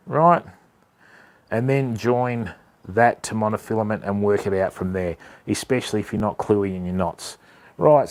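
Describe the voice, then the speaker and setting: A man's voice: medium pitch, darkish tone. A laid-back Australian man with a slangy manner, chatting casually to live-stream viewers while showing fishing tackle. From Western Australia. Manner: rambling, with many fillers.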